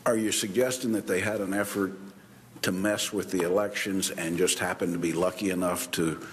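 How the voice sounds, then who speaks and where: A man with a very deep voice questions a witness at a hearing. He is deliberate and pauses often, and a faint hiss sits behind him. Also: fairly even intonation. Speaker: committee member questioning a witness.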